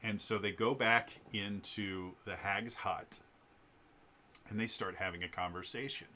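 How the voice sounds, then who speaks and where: Man, casual storytelling vlog, bright forceful voice, animated and rambling, lots of ums. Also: fairly low pitch, a little slow, slight background noise. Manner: animated, rambling retelling with many fillers. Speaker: vlogger.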